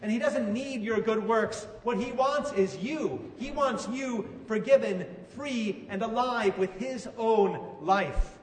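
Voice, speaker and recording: A man's voice: sits high, slow pace, few pauses, slight background noise. A man preaching a sermon in a conversational way, asking his listeners questions. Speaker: pastor. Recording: echoey hall from far off, faint ambience.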